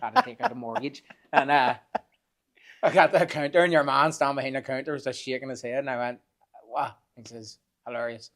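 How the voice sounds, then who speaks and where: A man, telling animated anecdotes as a podcast guest and swearing freely. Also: mid-range voice, brisk, gravelly. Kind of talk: casual storytelling chat.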